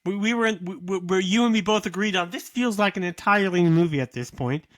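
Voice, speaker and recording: A man's voice: high voice, fast, fairly bright tone, no room sound. A man co-hosting a casual podcast, agreeing often and repeating words as he goes. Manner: backchannels a lot, repeats words. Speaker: podcast co-host.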